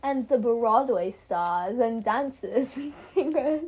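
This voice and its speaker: A teenage girl with a fairly high voice co-hosts a relaxed chat show. She is playful and giggly, and she rattles off her thoughts in quick bursts. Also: slightly rough. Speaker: podcast co-host. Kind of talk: casual chat.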